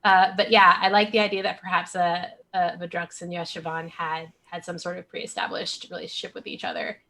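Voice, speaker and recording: A woman playing a tabletop game, speaking haltingly with restarts about her character's ties. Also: fairly low pitch, level tone, sharp tone, a little hiss or hum. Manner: halting, apologetic, many restarts. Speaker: player. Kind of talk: casual tabletop planning chat.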